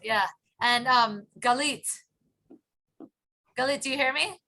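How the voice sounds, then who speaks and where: A woman teaching a small online class over a video call. She talks in a bright, slightly high voice, repeating phrases patiently and laughing often. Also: takes it slowly. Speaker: Hebrew teacher.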